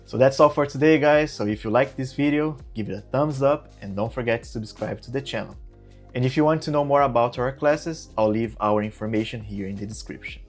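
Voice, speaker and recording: A man teaching English in a video lesson, explaining slowly and deliberately and exaggerating rising and falling intonation in his examples. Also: medium pitch, soft background music.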